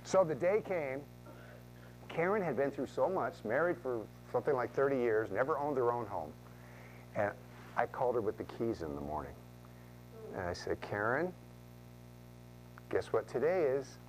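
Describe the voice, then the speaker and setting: A middle-aged man tells a motivational real estate story and acts out both sides of the conversations. His pitch sits in an ordinary middle range. A faint mains hum runs under the recording. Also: animated, moderate pace, pauses often, rough recording. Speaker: real estate agent and speaker.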